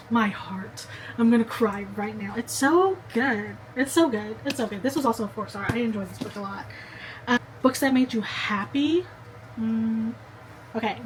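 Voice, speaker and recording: A woman's voice: a little high, background noise. A young woman vlogging casually to the camera, chatty and gushing, talking straight to the viewer. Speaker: book vlogger.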